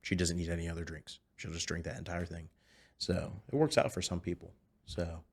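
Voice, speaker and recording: A man in his twenties, a podcast guest telling animated stories in casual chat, often restarting his sentences. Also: low-pitched, a little fast, husky. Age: 20s. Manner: animated storyteller, frequent restarts. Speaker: podcast guest, celebrity impersonator.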